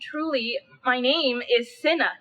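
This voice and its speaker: A woman's voice: sits high, a little slow, bright, forceful tone, highs cut off, heavily acted. A woman voicing a frightened male poet who stammers and pleads. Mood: panicked.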